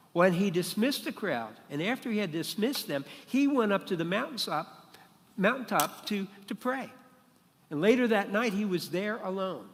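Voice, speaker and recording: Guy preaching in a church, kinda high voice, big reverb hall, asks the crowd stuff. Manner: teacherly, asks the congregation questions. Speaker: pastor. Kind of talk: sermon. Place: church sanctuary.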